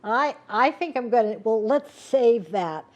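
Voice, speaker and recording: Older woman host wrapping up warmly. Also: fairly high pitch, lively intonation, unhurried, dull audio. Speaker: interview host. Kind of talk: interview hosting.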